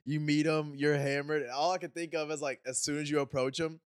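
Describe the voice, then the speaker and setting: A man's voice: fairly high pitch, flat delivery, a little fast, smooth, dry recording, studio quality. A young man in casual chat, bantering and joking, swearing freely.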